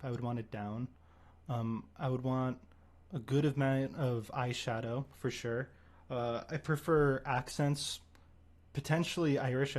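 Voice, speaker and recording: Deadpan, rambling young man. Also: mid-range voice. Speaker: streamer host. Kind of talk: casual livestream chat.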